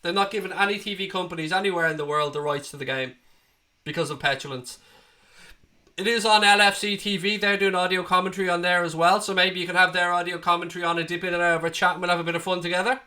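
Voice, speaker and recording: With a cold dragging on him, this Irish livestream host in his late thirties, from Dublin, still talks fast in a high-pitched, bright and forceful voice with a steady tone. He's watching football live alongside his viewers, speaking to chat bluntly and cursing freely.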